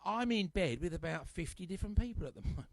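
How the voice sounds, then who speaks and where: A man's voice: sits high, lively intonation, fast talker, creaky, dry recording. Chatty man hosting a live stream. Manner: chatty, teasing, reads out viewer comments. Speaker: host of a live-streamed music show. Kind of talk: casual chat to live viewers. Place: at home on a sofa.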